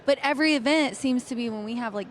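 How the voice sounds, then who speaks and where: A woman with a high voice co-hosts a live broadcast. She talks in an excitable, gushing way. Faint noise runs underneath. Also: fast talker. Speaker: co-host. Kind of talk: casual live broadcast chat.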